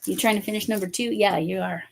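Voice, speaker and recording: A woman's voice: mid-range voice, fairly even intonation, quick pace, creaky, slight background noise. A woman in her fifties hosting a crochet channel, chatting casually with viewers by name while she crafts, often correcting herself.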